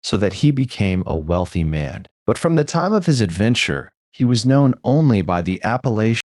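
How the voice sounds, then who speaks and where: Low-voiced man reading ghost stories. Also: very animated, moderate pace, darkish tone. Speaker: narrator. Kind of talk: storytelling for sleep.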